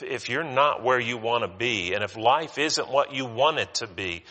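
Bright-voiced preacher in a reverberant hall. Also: male voice, medium pitch. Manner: conversational preaching, acts out voices of people in scripture. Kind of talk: sermon.

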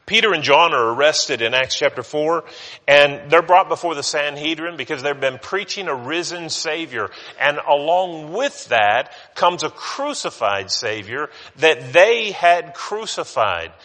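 A man's voice: on the high side, expressive, a little slow, bright, forceful tone. A man preaching a sermon in a conversational way. He acts out the voices of people from scripture as he talks. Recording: reverberant hall.

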